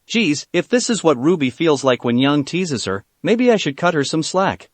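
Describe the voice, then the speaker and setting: Guy voicing a brash cocky teen boy, loud and pouty, kinda high, dry mic. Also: sing-song, normal speed, dry recording. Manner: brash, protesting. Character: brash cocky teenage boy ninja leader. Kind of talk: fan fiction reading.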